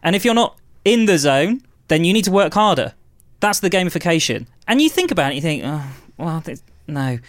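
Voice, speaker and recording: A man's voice: high voice, sing-song, fairly quick, dry recording, clean studio sound. A man co-hosting a podcast, explaining things in a chatty, rambling way. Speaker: podcast co-host. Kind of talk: casual chat.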